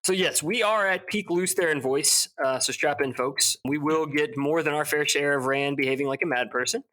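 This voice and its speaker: A young man co-hosting a podcast, casually recapping a fantasy novel with frequent laughs and quick asides. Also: a little high, bright, forceful tone. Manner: recaps plot with laughs and mock character voices. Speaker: podcast co-host. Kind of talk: casual podcast book discussion.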